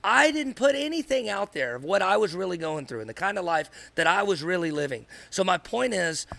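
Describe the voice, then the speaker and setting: A man's voice: high-pitched, big pitch swings, a little fast, creaky, fairly bright tone, dry recording. A man co-hosting a podcast, speaking earnestly and in a rambling way, often repeating himself. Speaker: podcast co-host, father. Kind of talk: candid podcast conversation.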